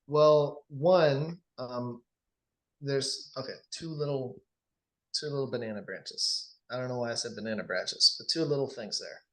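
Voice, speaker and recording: A man coaching on sales, lively and acting out the dialogues he describes. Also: mid-range voice, a little slow. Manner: animated, acts out sales dialogues. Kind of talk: casual coaching session.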